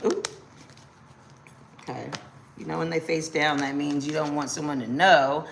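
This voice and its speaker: A young adult woman giving a casual live-stream tarot reading, slangy and quick to exclaim. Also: low voice, fairly even intonation, gravelly, a little hiss or hum. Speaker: tarot reader.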